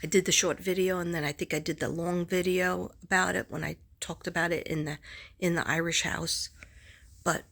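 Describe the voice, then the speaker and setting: Low-voiced woman chatting rambly to camera. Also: little pitch movement, moderate pace, vocal fry, fairly bright tone. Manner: rambling, with many restarts and asides. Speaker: vlogger and psychic reader. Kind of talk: casual chat to camera.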